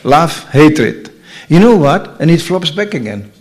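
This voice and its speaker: A man's voice: on the high side, sing-song, unhurried. An older man teaching as a spiritual lecturer, giving a humorous sermon and acting out the voices he quotes. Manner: jokey, acts out quoted voices.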